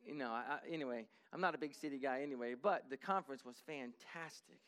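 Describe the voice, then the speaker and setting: A middle-aged man preaching a sermon as pastor, talking animatedly and rising to emphatic high points. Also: fast talker, fairly bright tone, smooth.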